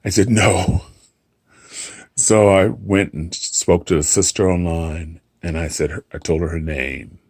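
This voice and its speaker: Middle-aged man, very low gravelly voice, husky, conversational storytelling, dry humor. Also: fairly even intonation, normal speed, few pauses, a little mellow, no echo. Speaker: hotel front desk clerk. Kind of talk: casual storytelling to camera.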